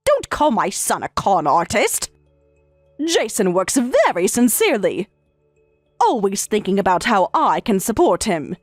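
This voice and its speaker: A woman's voice: medium pitch, huge pitch swings, measured pace, no echo, faint music behind. Synthetic woman voice as a scolding mother-in-law. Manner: scolding, lecturing tone. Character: domineering older mother-in-law, scolding and proud of her son. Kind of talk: text-to-speech story reading.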